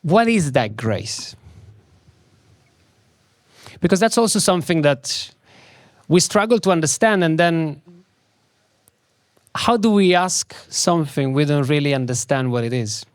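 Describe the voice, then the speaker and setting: Man giving a slow, emphatic spiritual talk. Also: a little high, expressive, no room sound, clean studio sound. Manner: slow, emphatic, repeats key words.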